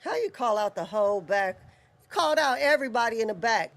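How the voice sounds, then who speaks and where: A co-host of a live wrestling watch-along, chatting casually and asking quick questions. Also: mid-range voice, expressive, a bit bright. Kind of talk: casual live-stream chat.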